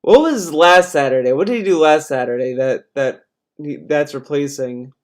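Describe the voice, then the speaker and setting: Man, sarcastic stream commentary, raised pitch, casual swearing. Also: moderate pace. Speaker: streamer reacting to a video.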